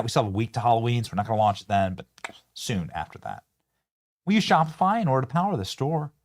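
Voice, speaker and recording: A man hosting a political commentary show, mocking and animated, often breaking into laughter. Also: mid-range voice. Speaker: host.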